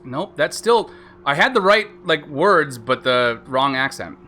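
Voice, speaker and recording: Bright-voiced rambling male streamer. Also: mid-range voice, very animated, moderate pace. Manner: rambling, chatty, laughs at himself; casual swearing. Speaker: game streamer. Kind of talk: casual live-stream commentary.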